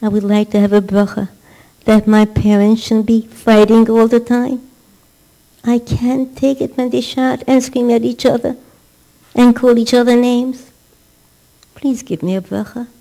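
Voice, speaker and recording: A woman puts on an eight-year-old girl, earnest and begging, voice lifted a little higher than her own. The tone stays mellow and soft around the edges. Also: flat delivery, a little slow, rough recording. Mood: pleading.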